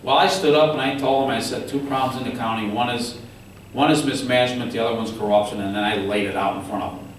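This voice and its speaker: At a political forum, a man gives a speech to an audience, telling animated stories and acting out officials as he quotes them. His mid-range voice is fast. He's recorded from afar in a very echoey room with slight background noise.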